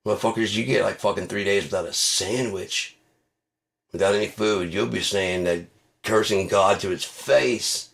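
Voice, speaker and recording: A man's voice: low-pitched, gravelly, fairly bright tone. A man hosting his own channel, delivering a profane, heated, mocking rant. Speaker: channel host. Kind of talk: ranting monologue.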